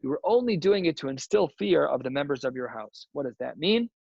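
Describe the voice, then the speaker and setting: A man's voice: fairly high pitch, lively intonation, a little fast, gravelly, darkish tone, husky, no echo, lo-fi sound. A man teaching a daily Talmud lesson as a rabbi, emphatic and full of rhetorical questions, working through the text aloud.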